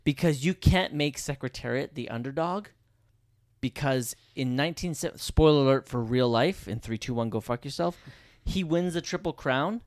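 A man's voice: mid-range voice, moderate pace, no echo, studio quality. Enthusiastic man, casual podcast chat. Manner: enthusiastic, swears casually, gets loud when excited. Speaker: podcast co-host.

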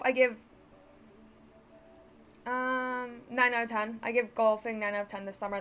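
A young woman with a fairly high voice hosts a solo podcast, with a little hiss or hum in the recording. She rambles through casual stories, using lots of filler words, swearing and correcting herself as she goes.

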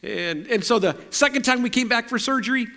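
A middle-aged man with a fairly high voice delivers a storytelling sermon. He talks to the congregation in a loose, conversational way, often restarting sentences and poking fun at himself. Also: a little fast, vocal fry, pushed and bright. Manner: conversational and self-deprecating, with frequent restarts. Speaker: preacher.

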